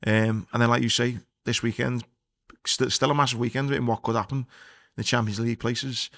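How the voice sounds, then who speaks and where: A blunt, excitable man talks football on a podcast, swearing freely as he gets going. His voice sits at an ordinary middle pitch and sounds close and dry, with no room echo. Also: a little fast. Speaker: podcast co-host. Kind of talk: casual football chat.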